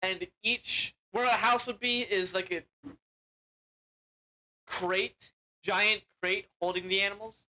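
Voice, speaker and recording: A man's voice: high voice, fairly even intonation, slow pace, long pauses, pushed and bright, poor audio. A man giving a casual, rambling movie recap as a reviewer, full of fillers.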